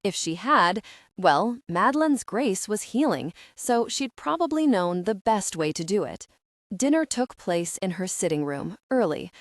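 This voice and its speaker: A woman's voice: medium pitch, very animated, a little slow, dry recording, studio quality. Woman reading a fantasy audiobook. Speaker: audiobook narrator. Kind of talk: scripted audiobook narration.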